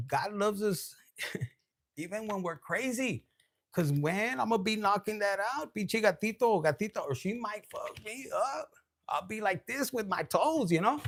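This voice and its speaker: A man's voice: sits high, gravelly, husky. A man giving a casual tarot reading, loose and profane, dropping Spanish slang and laughing often. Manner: laughs often, switches between loud and hushed. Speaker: tarot reader.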